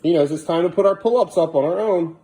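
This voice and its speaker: A man filming a casual home vlog in a bathroom, coaxing his toddlers along and dropping quieter asides to the camera. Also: a little high, fast, breathy edge. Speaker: parent vlogger.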